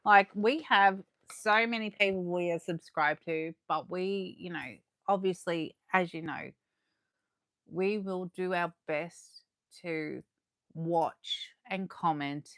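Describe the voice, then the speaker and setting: A woman chatting excitedly to viewers as she unboxes collectibles live, her voice going a little hoarse. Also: fairly low pitch, slow, dry recording, clean studio sound. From Australia. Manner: chatty and excitable, gasping and laughing, talking to viewers. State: losing her voice. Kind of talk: casual live unboxing chat.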